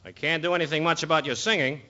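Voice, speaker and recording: A man's voice: a little high, steady tone, quick pace, heavy background noise. A man playing the pianist sidekick in a 1940s radio comedy, wry and a bit pompous. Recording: dull old radio broadcast.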